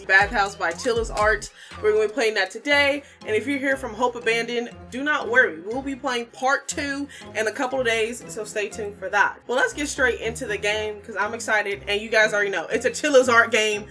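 Bright-voiced playful woman gamer. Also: a little high. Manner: chatty, playful, reacts loudly to scares. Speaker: gaming channel host. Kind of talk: horror game let's play commentary.

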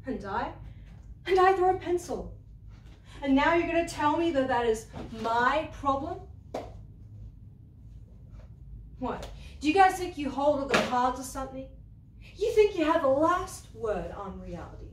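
An actress gives voice to a hot-tempered young ex-waitress who refuses to be pushed around. Her outbursts are profane and confrontational, the pitch riding high and swinging wildly. The recording sounds roomy and distant, as if the mic sits well back from her. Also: expressive, normal speed, a little hiss or hum. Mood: bitter, defiant. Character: fiery young woman, ex-waitress, quick-tempered and defiant. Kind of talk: theatre monologue.

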